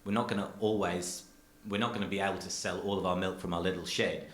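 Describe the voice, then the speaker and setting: Low-voiced guy, dairy farmer telling his cheese story on a theatre stage, lots of restarts, echoey hall. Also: fairly even intonation, fast, a bit bright. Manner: earnest, rambling with frequent restarts. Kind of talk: public talk, storytelling.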